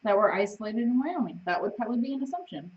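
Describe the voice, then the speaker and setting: A giggly female co-host with a somewhat high voice who laughs easily while chatting. She sits a little back from a dull-sounding mic in a home studio. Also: big pitch swings, distant mic. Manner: giggly, quick to laugh, playful. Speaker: co-host of a ranch live stream. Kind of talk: casual live-stream chat. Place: seated on a small love seat in a home studio.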